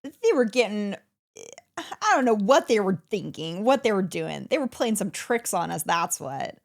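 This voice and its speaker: A woman co-hosting a casual podcast, telling a story with excitement and laughing often. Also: mid-range voice, moderate pace, gravelly. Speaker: podcast co-host.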